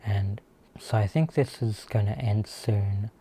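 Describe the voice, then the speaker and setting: A man's voice: on the low side, unhurried, warm tone, a little hiss or hum. A man with an Australian accent talking through his work troubles in a casual vlog monologue, hesitant and full of fillers, sounding aggrieved. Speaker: vlogger.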